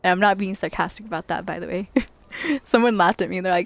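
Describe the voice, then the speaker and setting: A woman's voice: fairly low pitch, fast talker, gravelly. Giggly young woman streaming a game. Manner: chatty and giggly, talking to chat while playing. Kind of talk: casual late-night gaming livestream chat.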